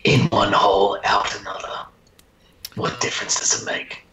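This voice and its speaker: Deep-voiced man far off the mic. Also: completely flat delivery, normal speed, sharp tone, echoey room. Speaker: player.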